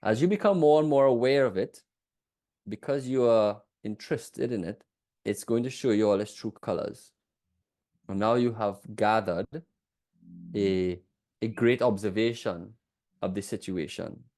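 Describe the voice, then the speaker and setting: A man co-teaching a class in a reflective way, turning lively when he recounts his own reactions. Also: fairly low pitch, measured pace, pauses often. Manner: reflective, shifts into lively, incredulous retelling. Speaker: co-host. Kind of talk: teaching a masterclass.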